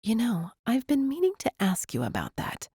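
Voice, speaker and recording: A woman's voice: a little high, huge pitch swings, dark tone, slightly rough, no room sound, clean studio sound, voice pushed up, exaggerated voice. A woman voicing a chatty, easily flustered young American woman in an audiobook. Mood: playful. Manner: bubbly, quick, easily embarrassed.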